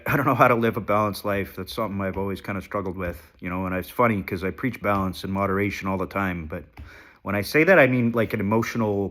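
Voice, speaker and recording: A man's voice: sits low, fairly bright tone. Guy sick n shaky, stuffy nose, rambling sweary phone vlog, kinda down on himself. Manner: rambling, sweary, self-deprecating. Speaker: vlogger. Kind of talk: casual confessional vlog. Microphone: handheld phone.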